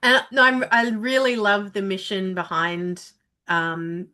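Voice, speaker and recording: A woman's voice: medium pitch, takes it slowly, sharp tone. A woman therapist introducing herself on a video call, talking frankly with many fillers and casual swearing. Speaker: parenting therapist and ambassador.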